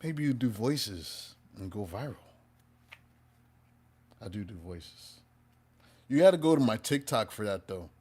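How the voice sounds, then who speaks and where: A man gives a casual live tarot reading and keeps it playful and chatty. His voice sits fairly low for a man. He jokes his way between the spiritual messages. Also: expressive, a little slow, pauses often, a little mellow, slightly rough. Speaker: tarot reader.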